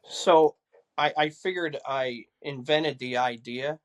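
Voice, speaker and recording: A man's voice: medium pitch, slow. Older man telling an earnest personal story. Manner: earnest, repeats words while recounting dialogue. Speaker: retired police assistant chief, guest.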